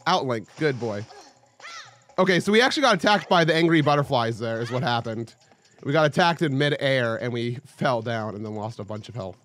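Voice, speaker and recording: Excitable young man with a lively voice. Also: medium pitch, a little fast, a little hiss or hum. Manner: excitable, joking, with sudden yelps. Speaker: let's play host. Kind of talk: casual gameplay commentary.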